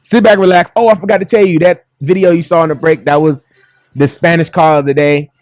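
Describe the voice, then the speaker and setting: A man's voice: a little high, fairly even intonation, brisk, darkish tone, no room sound. A man hosting a sports talk show, joking and chatty, in a studio. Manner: upbeat, joking, laughs often. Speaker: sports radio host.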